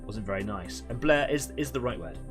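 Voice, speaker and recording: A man's voice: fairly low pitch, animated, a little fast, music in the background. Chatty man hosting a stream. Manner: chatty, rambling, self-deprecating. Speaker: host of an online painting club stream. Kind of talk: casual live-stream chat.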